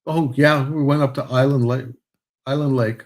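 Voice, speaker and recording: Animated, swearing man telling road stories. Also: mid-range voice, normal speed. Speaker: co-host. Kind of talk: casual chat.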